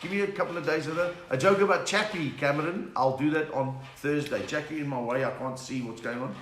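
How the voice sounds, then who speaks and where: A man's voice: fairly high pitch, brisk, fairly bright tone, a little hiss or hum. A South African man hosting a live stream from home, chatting casually, punning and reading out viewers' names. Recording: echoey room.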